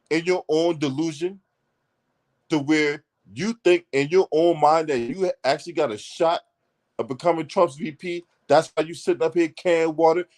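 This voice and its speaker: A male commentator with a somewhat raised pitch rants about politics. He is profane and sarcastic, jabbing at his targets with a heated edge. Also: darkish tone.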